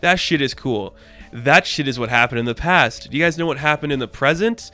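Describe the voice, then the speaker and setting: A man reviewing comics in a casual, excitable monologue, full of slang and loose exclamations. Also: medium pitch, a little fast, soft background music. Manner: excitable, slangy, peppers talk with "man" and "crazy".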